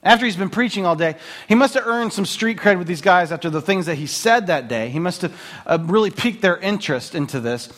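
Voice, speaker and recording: Lively, joking man preaching a sermon. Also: high voice, brisk. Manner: animated, joking storyteller with laughs and filler words. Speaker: pastor. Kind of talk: conversational sermon.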